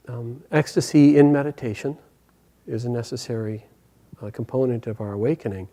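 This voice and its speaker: Gentle, hesitant male spiritual teacher. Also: medium pitch, steady tone, normal speed. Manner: hesitant, gentle, many fillers. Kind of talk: storytelling spiritual class.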